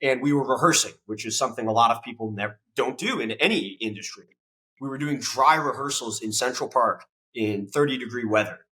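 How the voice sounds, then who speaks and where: A man's voice: mid-range voice, fairly quick, bright, forceful tone, low-quality recording. A man in his twenties, a podcast guest, telling his story casually and acting out quoted dialogue with plenty of swearing.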